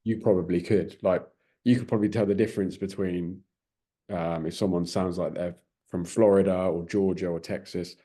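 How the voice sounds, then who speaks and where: Man, British accent, interviewer, hesitant and polite, lowish dark tone. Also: steady tone, normal speed, husky. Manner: hesitant, many ums, polite. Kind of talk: casual interview.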